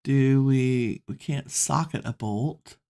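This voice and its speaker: A woman giving relaxed gameplay commentary, musing to herself as she plays. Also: rumbling low, takes it slowly. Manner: musing, talks to herself while playing. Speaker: gameplay streamer.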